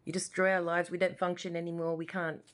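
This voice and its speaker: An Australian woman in her forties vlogs from her living room in a fairly low, level voice, speaking fast. Looking straight at the camera, she rambles through an impassioned personal monologue, frequently going over the same ground.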